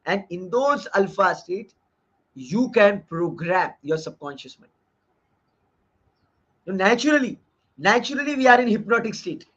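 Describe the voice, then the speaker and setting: Man with a high voice, earnest lecturer who repeats key lines, on dull lo-fi audio. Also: big pitch swings, a little slow, pauses often, fairly bright tone. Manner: earnest and explanatory, often repeating phrases. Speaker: course lecturer reviewing a book. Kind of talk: online lecture.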